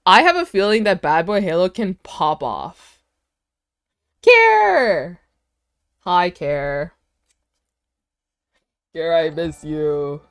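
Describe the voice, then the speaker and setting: A woman in her twenties streaming from home, chatting casually and excitedly with her viewers, with lots of "like" fillers. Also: deep voice, takes it slowly, pauses often, clear, resonant tone.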